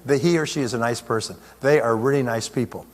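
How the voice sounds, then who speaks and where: A man's voice: mid-range voice, fast talker. A man giving a motivational seminar talk in a large hall, joking with and rousing the audience. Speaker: seminar speaker. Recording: echoey hall with long reverb.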